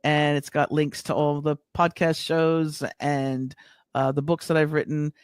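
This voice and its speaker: A middle-aged woman with an American accent, speaking in a fairly low voice for a woman. She talks warmly but haltingly, restarting her sentences as she chats in an interview. The sound is dry and close. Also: little pitch movement, clean tone, no echo. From United States. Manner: warm, halting, with many restarts and fillers. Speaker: guest business coach. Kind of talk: casual interview chat.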